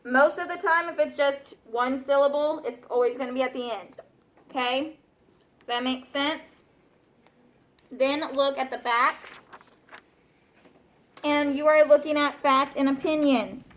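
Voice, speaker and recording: A woman's voice: high-pitched, steady tone, measured pace, long pauses, fairly bright tone. A woman teacher giving patient classroom instructions, often checking in with her students.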